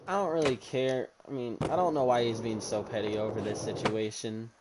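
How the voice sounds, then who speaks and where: A young man casually telling a story, animated and profane, acting out the lines of the people in it. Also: mid-range voice, moderate pace, noisy background. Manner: casual, profane, animated retelling with quoted dialogue.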